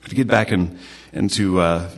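Here a pastor with a deep voice talks at an ordinary speed. He delivers a relaxed, chatty sermon, frequently restarting lines and saying things more than once.

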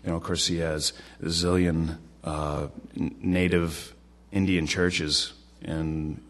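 A man's voice: sits low, flat delivery, slow, fairly bright tone. A man preaching a casual, conversational sermon, often repeating himself and restarting his phrases. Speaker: pastor.

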